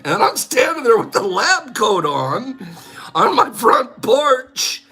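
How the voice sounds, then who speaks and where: Soft music plays under this older vlog host's very high, slow voice. Chatty and quick to laugh, he spins stories during a casual live stream, animatedly voicing each character.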